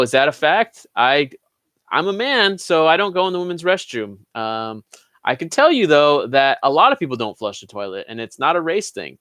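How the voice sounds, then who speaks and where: The voice is a young man's, a little high and fairly bright, recorded without echo. As host of a casual livestream Q&A, he reads viewers' questions out loud and responds casually, swearing freely along the way.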